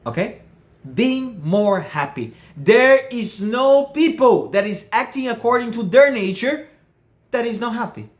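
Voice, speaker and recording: A man's voice: extremely high pitch, animated, a little slow. A man giving earnest relationship advice, often checking whether the listener follows him. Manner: earnest, keeps asking "you get what I mean?". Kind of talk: casual monologue to camera.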